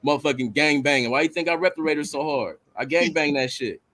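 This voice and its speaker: Profane, heated male fan ranting on a podcast, slightly high voice. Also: fast, fairly bright tone. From Los Angeles area. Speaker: guest fan.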